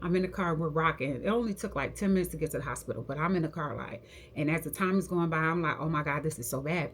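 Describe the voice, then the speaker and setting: A young adult hair stylist with a deep voice talks fast, telling a personal story to the camera in slangy, animated fashion and acting out what people said. There's a slight hiss or hum in the recording.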